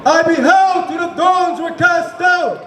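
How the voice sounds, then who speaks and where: A man calls out scripture verses in a loud, declaiming voice that sits very high. His reading rings out with a long reverb, and a faint crowd is heard around him. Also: a little slow. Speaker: scripture reader. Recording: echoey and roomy, crowd behind.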